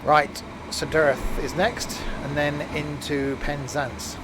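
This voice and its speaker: A man's voice: on the high side, takes it slowly. A man casually chatting with his live-stream viewers while playing a game, making wry asides. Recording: steady background noise.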